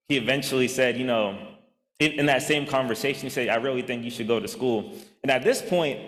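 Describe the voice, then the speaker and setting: A man's voice: mid-range voice, a bit bright. A young man giving a keynote speech as a personal story, acting out quoted lines with many fillers. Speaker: keynote speaker. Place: large event hall. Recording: reverberant hall.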